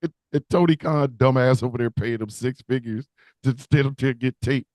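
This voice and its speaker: A man's voice: medium pitch, moderate pace, dry recording, clean studio sound. A man co-hosting a comedy podcast, telling crude stories with lots of laughter. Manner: animated, profane, laughing storyteller. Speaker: podcast co-host.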